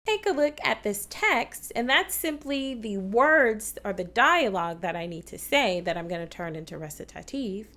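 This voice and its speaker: A woman's voice: mid-range voice, expressive, moderate pace, few pauses, sharp tone. A woman teaching children about opera on a kids' TV show, patient and encouraging toward viewers at home. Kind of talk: kids' TV music lesson.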